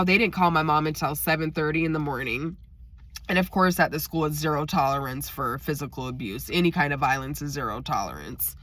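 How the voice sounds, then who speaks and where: A woman telling a personal story in a direct, animated, chatty way. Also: deep voice, a little fast, no room sound. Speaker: vlogger. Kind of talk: casual storytime.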